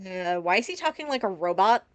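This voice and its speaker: A woman's voice: mid-range voice, expressive, a little fast, a bit bright, no echo. A woman streaming a game live, rambling through chatty tangents and laughing often. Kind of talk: casual live gameplay commentary.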